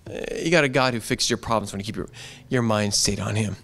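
A man's voice: lowish voice, quick pace, fairly bright tone. A pastor giving an earnest, conversational sermon in a church, often repeating his phrases.

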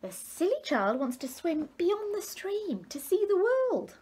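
A woman's voice: very high-pitched, huge pitch swings, measured pace, a little mellow, voice pushed up, exaggerated voice. A woman doing an anxious mother fish. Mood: fretful. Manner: fretful, conforming.

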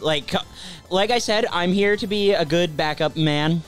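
Rambling high-voiced man over faint music. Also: normal speed. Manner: rambling, filler-heavy, goofy. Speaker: co-host. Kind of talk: casual let's-play banter.

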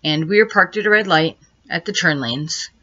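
A woman's voice: lowish voice, normal speed, pushed and bright. A woman vlogger rambling through a first-person account step by step, growing agitated as she retells it. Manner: rambling, retraces events step by step, grows agitated. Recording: dull lo-fi recording.

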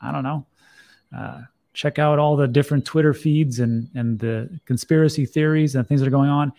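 A man's voice: medium pitch, steady tone, normal speed, creaky, warm tone. A middle-aged man giving casual commentary on crypto news, chatty and wry, often breaking off mid-thought. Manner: chatty, wry asides, restarts.

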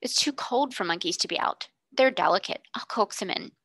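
Woman reading as Sarah, a gentle little girl. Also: medium pitch, animated, moderate pace, gravelly, slightly rough, no room sound, heavily acted. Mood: tender. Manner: soft, earnest, often whispered. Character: kind, gentle young girl in an attic.

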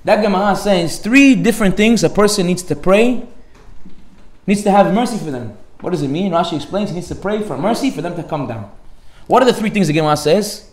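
A man's voice: high-pitched, animated, fairly quick, roomy sound. A man giving a Torah class sermon as a rabbi, telling stories and asking rhetorical questions with Hebrew phrases mixed in.

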